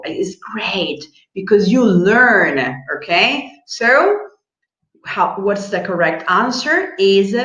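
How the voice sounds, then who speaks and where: A woman teaching an English grammar lesson, slow and encouraging, who repeats example sentences, with slightly non-native phrasing. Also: mid-range voice, fairly bright tone. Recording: echoey room, dull lo-fi sound.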